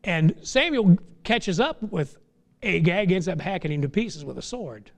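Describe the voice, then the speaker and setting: A middle-aged man's sermon carries lively intonation at a slightly slow pace, his pitch notably high for a man. As a pastor at the pulpit, he moves from homespun, plain talk into fervent, impassioned stretches.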